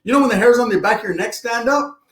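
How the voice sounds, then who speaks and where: A man's voice: very high-pitched, fast talker, a bit bright, echoey room. A man telling prison stories in casual, profane, streetwise chat, laughing as he goes. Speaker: podcast co-host.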